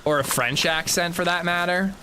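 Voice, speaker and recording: A man's voice: high-pitched, normal speed, background noise. An American man streaming a game, chatting and joking as he answers his chat. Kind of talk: casual gaming livestream chat.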